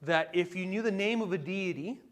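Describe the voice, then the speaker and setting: A male pastor preaching a sermon in a conversational way, with rhetorical questions and sudden bursts of excitement. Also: high-pitched, normal speed. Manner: conversational preaching with asides and fillers.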